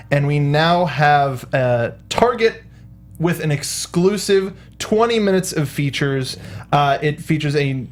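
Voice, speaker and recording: A man co-hosting a casual chat show who reads out news items, quick and rambling with many fillers. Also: fairly high pitch. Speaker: podcast co-host.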